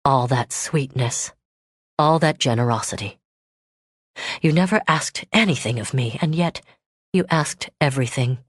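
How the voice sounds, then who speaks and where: A woman voicing a man in a romance audiobook, who pours out a long-held love in a low, strained, earnest tone. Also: expressive, unhurried, pauses often, husky, no echo, clean studio sound, heavily acted.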